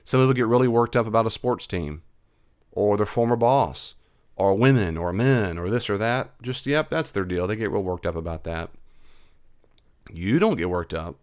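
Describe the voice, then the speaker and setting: Middle-aged southern guy, christian counselor, chatty and encouraging, lowish voice. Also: lively intonation, normal speed, darkish tone, smooth. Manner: reassuring, encouraging, conversational with repeats. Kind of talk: casual advice monologue answering an email.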